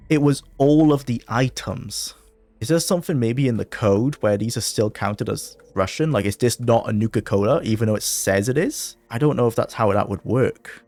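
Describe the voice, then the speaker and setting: Male gaming commentator, mid-pitched, excitable and jumpy, laughs a lot, dry close sound. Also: no room sound. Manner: excitable, jumpy bursts of panic, frequent laughter. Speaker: gaming video creator. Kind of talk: let's play commentary.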